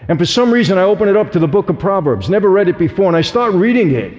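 A man tells his life story to an audience with earnest emphasis, addressing the listeners directly. His voice sits a little high. The lo-fi recording sounds dull and rings with the long reverb of a large hall. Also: big pitch swings, quick pace. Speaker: speaker giving a testimony. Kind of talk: personal testimony to an audience.

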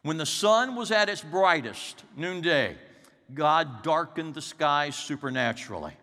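A male pastor delivers a slow, dramatic sermon, his pitch rising and falling widely as he moves from loud peaks to hushed lows. His voice sits somewhat high and has a bright, forceful edge. A long reverb trails each phrase, as in a church sanctuary. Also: big pitch swings.

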